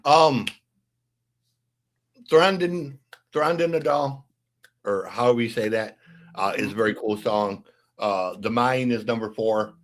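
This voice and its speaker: A man co-hosting a podcast in casual chat, easygoing and filling his pauses with "uh". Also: mid-range voice. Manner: easygoing, with many filler "uh"s.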